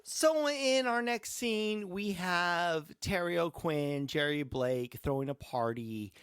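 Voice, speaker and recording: Chuckling man with an expressive voice. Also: sits high, slow, smooth, no room sound, studio quality. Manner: chuckling, repeats his points for emphasis. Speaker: podcast co-host. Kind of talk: casual chat about a horror film.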